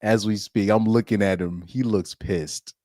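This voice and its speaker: A man's voice: on the low side, steady tone, unhurried, darkish tone, no echo, studio quality. Laid-back man rambling over a football game. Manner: laughs often, loose and rambling with many restarts. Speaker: live-stream host reacting to a football game. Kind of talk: casual live reaction commentary.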